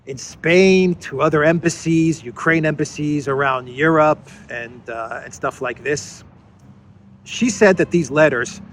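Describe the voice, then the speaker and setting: A man hosting a casual news commentary, his voice sitting a little above the usual male range. He sounds sarcastic and mocking, and he pauses often with fillers as he talks things through. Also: fairly high pitch, a bit bright, slight background noise. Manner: sarcastic and mocking, with frequent hesitations. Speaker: host of a political commentary channel.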